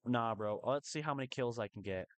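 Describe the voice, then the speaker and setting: A man giving live commentary on his own gameplay, excitable and quick to burst into strings of repeated protests. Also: mid-range voice, dry recording. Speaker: live streamer.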